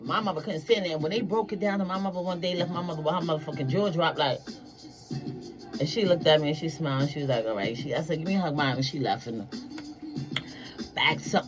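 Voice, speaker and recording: A woman telling stories casually to her viewers, profane and animated, acting out the voices of people she quotes. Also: low voice, a little fast, music in the background, rough recording.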